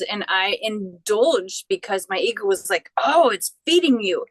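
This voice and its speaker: A woman guest telling her life story in an animated way, with frequent restarts and quoted voices acted out. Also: medium pitch, no room sound, poor audio. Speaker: interview guest. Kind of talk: personal storytelling.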